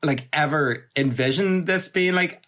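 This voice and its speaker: A man's voice: a little high, unhurried, a bit bright. A young man hosting a casual podcast, rambling with lots of fillers, swearing and laughing. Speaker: podcast host. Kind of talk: casual chat.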